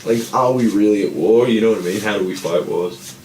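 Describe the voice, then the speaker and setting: A man's voice: on the low side, a little fast, darkish tone, reverberant, slight background noise, poor audio. A stoned man in casual chat who rambles, swears a lot, and keeps losing his train of thought. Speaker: podcast co-host.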